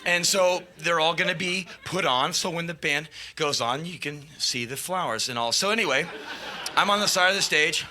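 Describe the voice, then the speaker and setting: Animated profane storyteller, high bright voice. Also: male voice, moderate pace. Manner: animated, profane, shouted sound effects. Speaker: spoken-word performer. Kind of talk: live spoken-word storytelling. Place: live stage before an audience.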